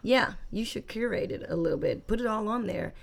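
A woman hosting a podcast, chatting casually and with enthusiasm. Her voice is gravelly, with a touch of fry, and she often restarts her sentences as she talks. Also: medium pitch, lively intonation, a little fast. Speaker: podcast host. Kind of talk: casual chat.

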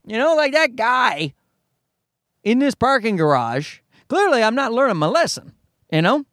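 Comedian in his 30s, high lively voice, swears a lot, dry close sound. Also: moderate pace, dry recording. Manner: rambling, profane, animated. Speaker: comedian and podcast host. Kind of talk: casual comic monologue. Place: parking garage.

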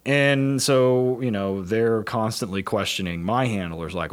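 A middle-aged man with a somewhat low voice talks in loose, casual chat. He is blunt and profane, and he tells stories with animated energy. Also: moderate pace, hardly any pauses. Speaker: police dog handler trainer.

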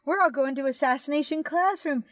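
High-voiced animated woman chatting movies. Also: fairly quick, noisy background. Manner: animated storyteller, acts out quotes. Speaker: podcast co-host. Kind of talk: casual chat about movies.

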